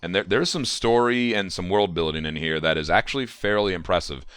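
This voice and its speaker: A man's voice: low-pitched, fairly quick, fairly bright tone, clear, resonant tone, no room sound, clean studio sound. A man co-hosting a casual gaming podcast, rambling enthusiastically with lots of "uh" and "like". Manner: rambling, many fillers, enthusiastic. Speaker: podcast co-host. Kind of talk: casual chat.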